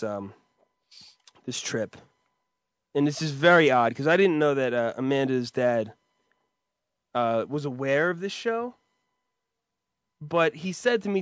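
A man's voice: medium pitch, smooth, no echo. A man co-hosting a radio show, chatting casually with rambling jokes and swearing. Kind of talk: casual chat.

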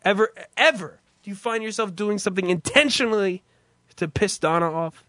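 Profane bright-voiced man in casual chat. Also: high-pitched, a little fast, no echo, clean studio sound. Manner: profane, rambling.

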